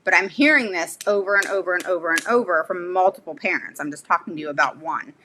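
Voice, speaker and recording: Her voice sits on the low side, fast and sharp-toned, as she speaks to viewers on a casual livestream about special education advocacy. She's forceful and direct, repeats "okay?" a lot, rambles in asides, and laughs without warning.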